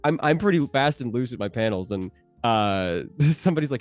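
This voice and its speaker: A man's voice: mid-range voice, lively intonation, a little fast, soft background music. A man telling laid-back stories on a virtual convention panel, laughing as he goes. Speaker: voice actor panel guest. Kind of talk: casual convention panel storytelling. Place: online video call.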